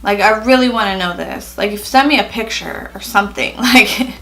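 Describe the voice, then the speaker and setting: A woman's voice: mid-range voice, moderate pace, fairly bright tone, low-quality recording. A young woman chatting casually in a beauty review vlog, full of "like" fillers. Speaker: beauty vlogger.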